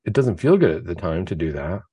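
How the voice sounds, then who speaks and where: A man hosting a Catholic talk show gives an earnest, conversational spiritual reflection packed with rhetorical questions, like casual preaching. His voice is low, dark, and husky, with big pitch swings and a fairly quick pace, and there is no echo.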